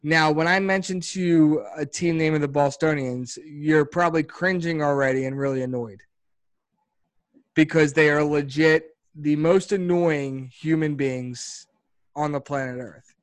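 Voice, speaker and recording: A man co-hosting a casual sports podcast, talking in an animated, rambling way and laughing often. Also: on the high side, unhurried, no room sound. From Philadelphia area. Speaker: podcast co-host.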